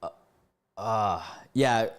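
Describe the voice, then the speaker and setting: A man with a fairly low voice reads scary stories aloud on a live stream. He keeps stopping to react, joke and chat with viewers, then drops back into the story. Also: drawn-out words, clear, resonant tone. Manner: reactive, breaks off to comment and greet chat.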